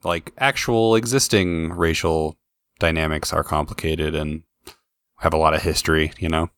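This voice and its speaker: A man hosting a casual podcast chat, relaxed and swearing freely as he leads the ratings. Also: a bass voice, normal speed, smooth, no room sound, clean studio sound. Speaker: podcast host.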